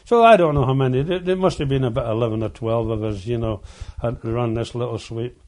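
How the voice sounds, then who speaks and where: An older man, a former coal miner, reminiscing in an oral history interview, halting and often repeating words as he tells his stories. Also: medium pitch, a little mellow.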